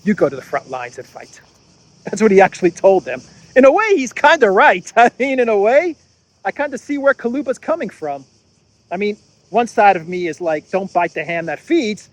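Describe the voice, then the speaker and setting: Sarcastic, slightly high-voiced male commentator. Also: sing-song, moderate pace, no room sound. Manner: sarcastic, laughs at his own jokes; repeats and restarts phrases often. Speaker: host. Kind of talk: casual political commentary.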